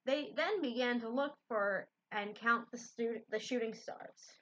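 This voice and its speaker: Brief: woman storybook reader, gentle and casual, fairly high, bright, dull lo-fi audio. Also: unhurried, slight background noise. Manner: gentle, unpolished, self-correcting. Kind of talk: reading a children's book aloud. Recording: dull lo-fi recording.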